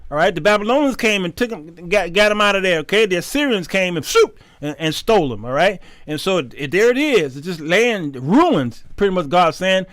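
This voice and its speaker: High-voiced colloquial preaching man. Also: very animated, a little fast, hardly any pauses, a bit bright, no room sound. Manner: emphatic, colloquial, repeats words. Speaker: talk show host teaching the Bible. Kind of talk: Bible teaching sermon.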